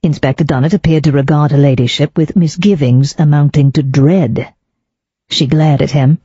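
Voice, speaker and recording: Measured storybook narrator, warm and husky, close dry sound. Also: medium pitch, fairly even intonation, no room sound, muffled recording. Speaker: audiobook narrator. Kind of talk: scripted narration.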